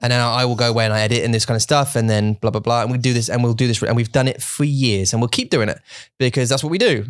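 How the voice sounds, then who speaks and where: A man's voice: medium pitch, fast talker, no room sound, studio quality. A man co-hosting a podcast in casual chat, rambling with many restarts and joking, dropping Mandarin phrases into his English. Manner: joking, self-deprecating. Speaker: podcast co-host.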